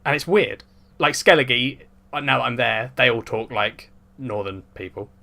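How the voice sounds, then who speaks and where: An easygoing young man co-hosts a podcast, asking questions in casual chat. His voice sits at a middle pitch. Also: moderate pace, gravelly, sharp tone. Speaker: podcast co-host and editor.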